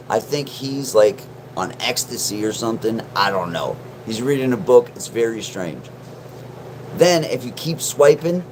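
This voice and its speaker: A man's voice: mid-range voice, a little mellow, a little hiss or hum, low-quality recording. A man hosting a casual livestream from his mom's basement, joking and swearing as he chats with viewers. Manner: profane, joking, self-mocking. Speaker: livestream host.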